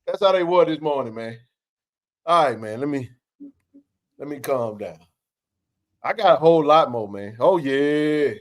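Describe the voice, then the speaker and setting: A man hosts a live sports chat from a home setup. His voice sits high and swings wide as he preaches, swears and builds toward near-shouting. It is casual talk that keeps running hot. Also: lively intonation, a little slow, long pauses. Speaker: show host.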